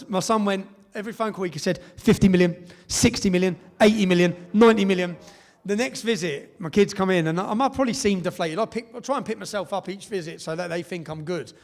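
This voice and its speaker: A man's voice: high-pitched, fairly quick. A middle-aged English man from Britain giving a live speech, telling his story emphatically and often tagging sentences with "yeah?". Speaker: public speaker. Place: event hall.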